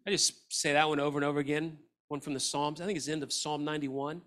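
A fervent male preacher with a high voice, delivering a sermon. He speaks with passion and drops his voice low and soft when he voices quoted lines. He sounds middle-aged. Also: level tone, fast. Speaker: pastor.

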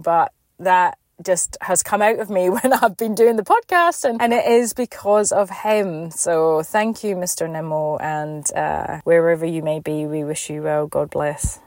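A Scottish woman hosts her podcast in a loose, chatty way, wandering through her thoughts and restarting sentences as she goes. Her voice sits a little low, and the sound is close and dry with no room to it. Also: darkish tone, no echo. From Scotland. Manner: chatty and meandering, with frequent restarts. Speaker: podcast host. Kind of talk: casual podcast chat. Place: Perth, Australia.

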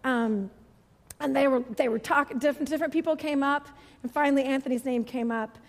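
A woman giving a personal testimony at church, an animated storyteller who laughs often. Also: high voice, brisk. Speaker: church speaker. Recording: long reverb of a large hall.

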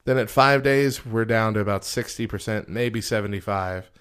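A man's voice: on the low side, normal speed, fairly bright tone, clean tone. A man co-hosting a casual podcast chat, reading list items and quotes aloud and laughing often. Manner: chatty, laughs often, reads quotes with lifted energy. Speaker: podcast co-host.

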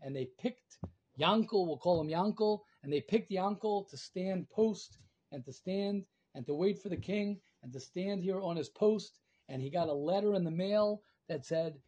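A man teaching former students in a storytelling sermon, animated and repeating phrases for emphasis, swinging from loud and high to soft. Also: a little slow. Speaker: rabbi teaching alumni.

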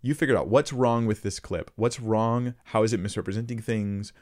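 A man giving casual, earnest commentary on clips he plays, with rhetorical questions and quick restarts. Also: on the low side, darkish tone. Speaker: Christian commentator.

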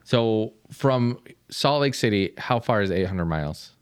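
Lowish voiced guy on a podcast, rambly, lots of likes and ums, dry close sound. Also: animated, unhurried, smooth, no room sound. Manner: rambling, thinks aloud with many fillers. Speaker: podcast co-host. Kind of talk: casual chat.

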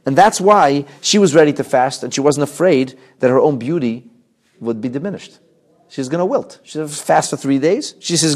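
A man teaching a Torah class, talking in a lively way, asking his listeners rhetorical questions and often restarting and repeating words as he explains. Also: a little high, normal speed.

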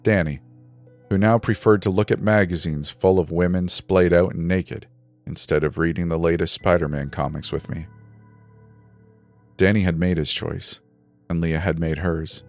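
Deep-voiced man narrating horror. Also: fairly even intonation, normal speed. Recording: faint background music.

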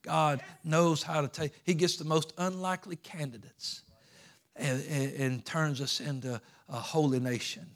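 Folksy preaching pastor, high-pitched man. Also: steady tone, unhurried. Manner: folksy preaching, rising to fervent calls. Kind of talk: sermon.

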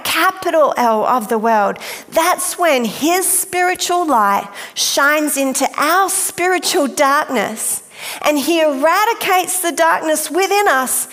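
A woman preaching a sermon, emphatic and deliberate, speaking directly to her listeners. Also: high-pitched, a bit bright. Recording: long hall reverb.

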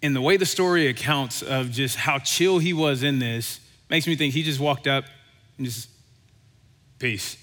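Conversational preacher in a reverberant hall. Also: male voice, fairly high pitch, moderate pace, few pauses. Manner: conversational, animated storytelling with quoted voices. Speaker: pastor. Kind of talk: sermon.

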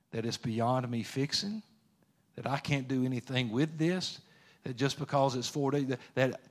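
A preacher doing Jesus as a patient, assured man, speaking quietly and firmly. He reasons step by step and presses his listener with pointed questions, in a middle-range voice. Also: medium pitch, natural voice. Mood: probing. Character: calm assured male Jesus, patient teacher.

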